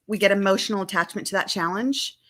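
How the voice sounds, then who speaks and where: Bright, animated woman coaching families. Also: mid-range voice, fast. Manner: animated, emphatic, acts out quoted family dialogue. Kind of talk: live-stream conversation.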